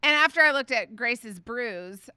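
A woman's voice: fairly high pitch, measured pace, clean tone, no room sound, studio quality. Chatty woman telling a story. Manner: chatty, animated, many fillers. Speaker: podcast host. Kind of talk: faith talk storytelling.

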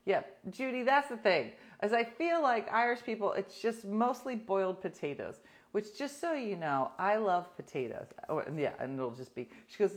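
A woman's voice: medium pitch, animated, moderate pace. A woman hosting a casual livestream, telling stories to her viewers in a wry, sarcastic way. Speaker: livestream host.

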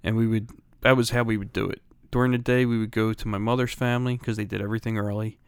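A man's voice: fairly low pitch, flat delivery, quick pace, clear, resonant tone, no room sound, clean studio sound. A middle-aged man from Philadelphia, co-hosting a podcast, telling a profane, laughing story in casual chat. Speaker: podcast co-host. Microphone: close studio mic.

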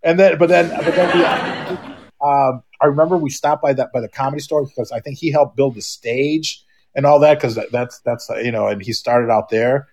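A man's voice: mid-range voice, moderate pace, darkish tone. A middle-aged man, a podcast guest, talking casually and rambling, with many restarts and fillers. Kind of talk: casual chat.

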